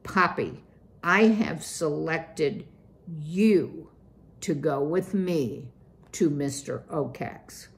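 A self-important father mouse from a storybook, talking in a formal, grand manner, as a woman reader puts him on. His voice sits low and unhurried, and he drags out his words. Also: vocal fry, exaggerated voice. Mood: pompous. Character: pompous fussy father mouse, male elder.

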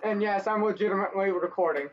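A woman hosting a casual gameplay chat with friends, giggling and teasing in quick banter. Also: medium pitch, muffled recording. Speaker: gaming channel host.

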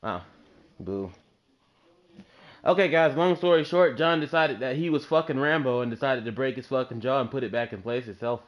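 Hosting a laid-back gaming session with a friend, this gaming channel host speaks in a mid-range voice at normal speed. He teases crudely and curses frequently, and the recording is dull and lo-fi with faint noise.

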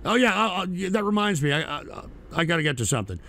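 A man's voice: sits high, sing-song, fast talker, creaky, pushed and bright. A man hosting a live talk stream who reads out chat names in a profane, sarcastic ramble. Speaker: streaming talk show host.

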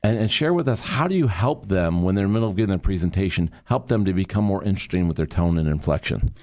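A middle-aged man from Michigan hosting a podcast, talking in an animated, emphatic way and making playful sound effects. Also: sits low, quick pace. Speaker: podcast host. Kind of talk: casual podcast talk.

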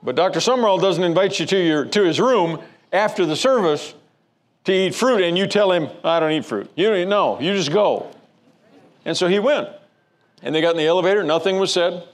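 A man's voice: high-pitched, brisk. A man preaching a sermon as pastor, telling a story with frequent stammered restarts.

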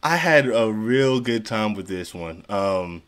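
A man's voice: lowish voice, takes it slowly, clear, resonant tone. A man hosting a reaction video, chatting casually and exclaiming as he watches. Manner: animated, exclaiming, laughing along. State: a little out of breath. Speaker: reaction channel host.

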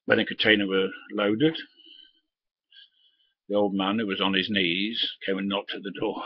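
A man's voice: fairly low pitch, dry recording, dull audio. An older man, bluntly telling stories from his trucking days and acting out the voices in them, with a lot of swearing. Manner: blunt, swears freely, acts out his own and others' lines. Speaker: retired lorry driver telling stories. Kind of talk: casual storytelling monologue.

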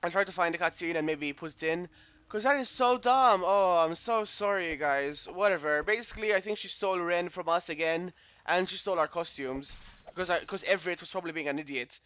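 A man's voice: sits high, fairly quick, bright, forceful tone, smooth, no room sound. A man doing let's play commentary, reading game text aloud and grumbling and swearing when the game annoys him.

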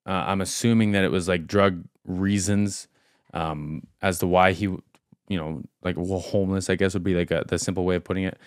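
A man's voice: deep voice, fairly even intonation, moderate pace, smooth, dry recording, clean studio sound. A man hosting a music reaction video, talking casually and rambling aloud with lots of fillers as he thinks.

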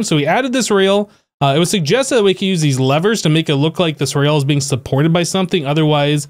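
A man hosting a gameplay video, chatting in an upbeat way as he tours his build. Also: sits high. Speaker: host. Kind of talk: gameplay voice-over.

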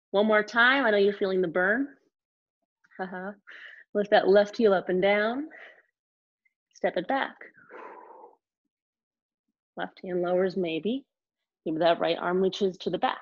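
A woman teaching a live online yoga class, giving calm step-by-step cues between sighs and exhales. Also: mid-range voice, lo-fi sound. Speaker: yoga instructor.

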